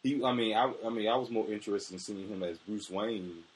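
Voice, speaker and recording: Male co-host, lowish, blunt and profane. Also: brisk, rough recording. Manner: blunt, swears freely. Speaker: podcast co-host. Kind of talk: casual movie discussion.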